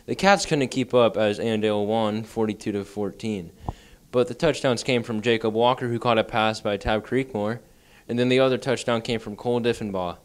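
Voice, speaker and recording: A man's voice: fairly low pitch, a little fast. A teenage boy reading a scripted school sports recap as a student reporter. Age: teens. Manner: even, read from script. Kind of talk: scripted news read.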